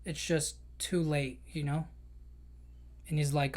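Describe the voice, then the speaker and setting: A podcast host recaps a film in an emotional, chatty way, peppering his storytelling with "you know." His fairly high voice is slow and a little mellow, with fairly even intonation.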